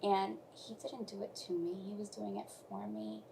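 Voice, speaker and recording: A woman guest with a gravelly edge to her voice speaks softly and reflectively about her faith. At times her voice rises into emotional emphasis. Faint noise runs under the recording. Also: medium pitch, very animated, moderate pace. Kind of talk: personal testimony in conversation.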